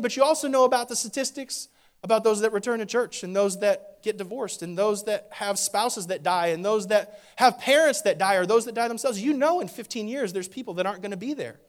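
A man preaching a sermon as a pastor, with impassioned, repetitive phrasing that swings from loud emphasis to hushed intensity. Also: high-pitched.

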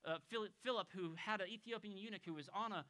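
A man who is a pastor, preaching a conversational expository sermon to a congregation, moving between emphatic raised points and soft, hushed passages. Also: sits high, fast. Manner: storytelling, acting out quoted people.

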